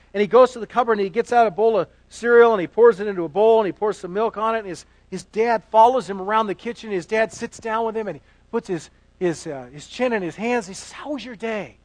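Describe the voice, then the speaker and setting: A man with a notably high voice preaches from the pulpit, dropping to near-whispered asides and then surging into loud, emphatic passages. He repeats and restarts phrases as he drives each point home. The recording is dry and close, with no room sound. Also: dry recording, low-quality recording. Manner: dynamic, swings between hushed asides and loud emphatic passages; repeats words and restarts while building a point. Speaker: pastor. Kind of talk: sermon.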